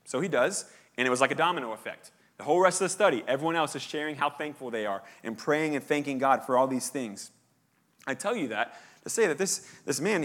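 A man preaching a sermon in a church, telling a story with animated, rising emphasis. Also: medium pitch. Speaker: pastor. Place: church auditorium.

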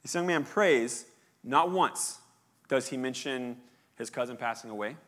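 A man preaching a sermon in a church, telling a story with animated, rising emphasis. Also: mid-range voice, measured pace. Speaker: pastor. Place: church auditorium.

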